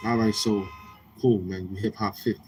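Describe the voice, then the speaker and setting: A man's voice: on the low side, steady tone, normal speed, a little mellow, faint music behind. A man from Queens with a New York accent, hosting a casual livestream and talking to viewers in a brash, profane, confrontational way. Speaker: livestream host.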